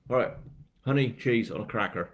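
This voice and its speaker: A British crime novelist chats casually at a live book launch stream, his mid-range voice running a little fast. He rambles, leans on plenty of fillers, and keeps a self-mocking tone throughout.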